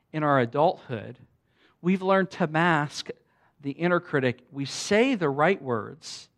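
A man preaching a sermon, passionate and conversational, swinging between soft, intimate lines and loud, emphatic bursts. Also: on the high side. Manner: conversational with fillers and repeats. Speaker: pastor.

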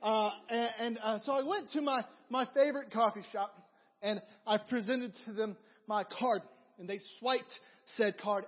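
A man with a very high voice preaches a sermon, winding through animated stories and repeated phrases. The recording is dull, with a long reverb that fills the hall around him. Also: normal speed, husky. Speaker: pastor.

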